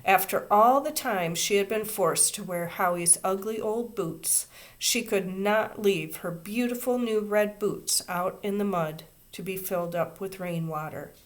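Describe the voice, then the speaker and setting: A woman, a teacher, reading a children's chapter book aloud with expressive, steady storytelling. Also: medium pitch, measured pace.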